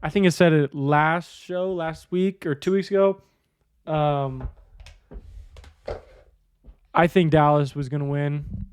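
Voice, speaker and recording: A man's voice: fairly high pitch, fairly even intonation, slow, pauses often, clean tone, no room sound. A man hosting a sports podcast in a casual monologue, rambling and offhand, swearing freely. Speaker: podcast host.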